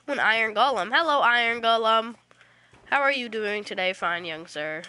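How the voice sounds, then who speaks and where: A woman's voice: a little high, animated, normal speed, sharp tone, clear, resonant tone. A woman casually chatting while playing a game online, playfully trash-talking creatures in slangy speech. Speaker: gaming channel host. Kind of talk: casual let's-play chatter.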